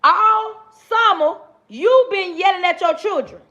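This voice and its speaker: A woman's voice: very high-pitched, measured pace, sharp tone, muffled recording. A woman teacher livestreaming, speaking emphatically and repeating herself as she talks straight to her viewers. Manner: emphatic, repetitive, direct address to viewers. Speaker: livestream host. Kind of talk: casual livestream rant.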